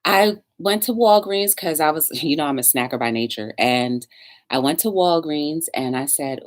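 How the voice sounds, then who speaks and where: Woman, talk show host, fairly low voice, animated casual storytelling, addresses viewers. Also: moderate pace. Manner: chatty, animated, talks straight to viewers.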